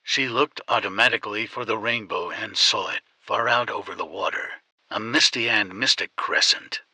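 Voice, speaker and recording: A man narrating an audiobook in a steady, measured storytelling manner. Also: on the low side, husky, dry recording, rough recording.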